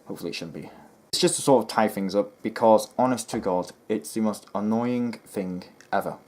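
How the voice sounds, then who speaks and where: A man's voice: on the low side, fairly quick, darkish tone. A man hosting a history video, chatting casually with lots of ums and restarts. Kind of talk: casual rambling commentary to camera.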